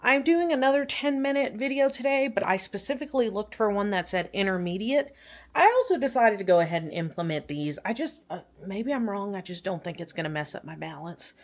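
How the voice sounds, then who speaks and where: A young woman with a mid-range voice and lively intonation speaks a little fast in a casual workout vlog. She's at home in the living room on a clip-on mic, rambling and joking at her own expense.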